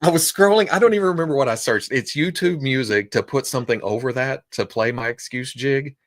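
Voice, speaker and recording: Southern-accented man, casual podcast guest, chatty and laughing, mid pitch. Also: brisk. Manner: laughing, rambling storyteller. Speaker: toy content creator and podcast guest. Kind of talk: casual chat.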